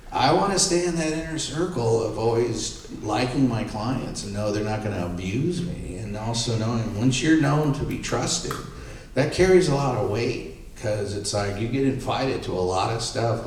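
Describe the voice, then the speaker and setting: A middle-aged man telling stories at a live panel event, jumping into the voices of the people he quotes. His voice sits at an ordinary pitch and carries a strong, boomy room echo, picked up from some distance away from the mic. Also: moderate pace, a little hiss or hum. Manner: animated, acts out quoted voices. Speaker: entertainment photographer on a panel. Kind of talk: anecdotal storytelling at a live panel. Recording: echoey room, mic far off.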